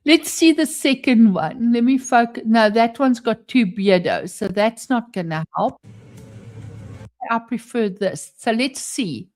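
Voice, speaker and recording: Streaming casually from her home with the front door open, a woman with a South African English accent speaks in a slightly high, unhurried, a little mellow voice as soft music plays in the background. She's chatty, laughs a lot and reads out comments from her viewers.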